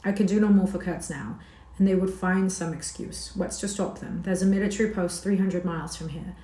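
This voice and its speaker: Nervous ragged young drifter, rambling and anxious, read by a woman narrator with a low mellow voice. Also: brisk, natural voice. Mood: worried. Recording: roomy echo.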